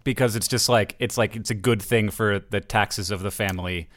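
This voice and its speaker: A man from Florida co-hosting a casual podcast chat, talking with many false starts and restarts before landing his point. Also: lowish voice. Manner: halting, with many restarts, animated. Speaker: podcast co-host.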